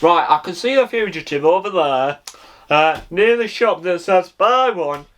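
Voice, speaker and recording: A man voicing a male ground hunter in a helicopter, reporting a fugitive's position in a brisk manner. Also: high-pitched, lively intonation, fairly bright tone, voice pushed up. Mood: alert.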